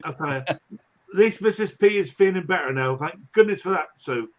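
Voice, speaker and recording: A man's voice: sits high, animated, a little fast. Chuckling man hosting a stream. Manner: chuckling, chatty, greets viewers. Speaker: livestream host. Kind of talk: casual livestream chat. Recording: lo-fi dull audio.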